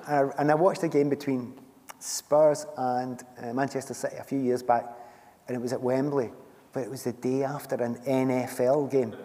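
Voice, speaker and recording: A middle-aged Scottish man tells stories in an easy, chatty way, laughing now and then. His voice is warm and dark in tone. It carries a long reverb, as if he is on a festival stage in a big hall. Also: medium pitch, level tone, normal speed. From Scotland. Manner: chatty, storytelling, laughs often. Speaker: guest author. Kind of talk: stage conversation at a book festival.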